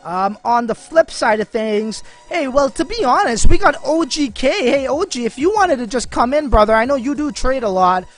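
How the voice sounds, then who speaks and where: A man's voice: very high voice, expressive, moderate pace, few pauses. Male livestream host, loose and slangy, talks straight to viewers, faint music underneath. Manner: slangy, filler-heavy, addresses viewers as man and bro. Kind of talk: casual live-stream chat.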